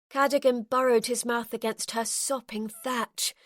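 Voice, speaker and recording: A woman narrating a romance audiobook in a measured, intimate, softly expressive reading on a close studio microphone. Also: on the high side, dry recording.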